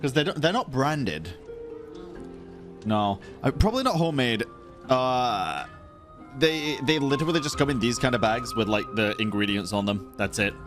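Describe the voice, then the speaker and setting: A male streamer reacts casually over game audio, joking, swearing, and rambling between bites of snacks. His voice sits at an everyday middle pitch, with faint music underneath. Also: lively intonation, moderate pace. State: munching on snacks.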